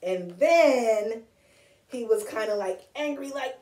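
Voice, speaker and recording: Reading slowly in a fairly high voice, a woman takes children through a picture book, prompting them with questions and encouraging them with animated energy. It sounds like a distant mic in a room with plenty of echo.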